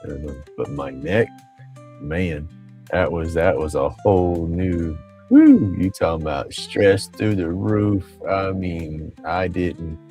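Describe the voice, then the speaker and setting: A man's voice: low voice, lively intonation, takes it slowly, warm tone. A middle-aged man, chatting casually on a livestream, rambling and laughing often. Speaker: livestream host. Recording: faint music behind.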